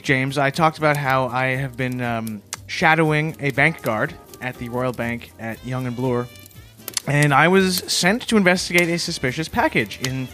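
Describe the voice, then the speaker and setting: A man co-hosting a comedy podcast, telling an absurd story in a deadpan, matter-of-fact way. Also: a little high. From Canada. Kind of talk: deadpan improvised comedy chat.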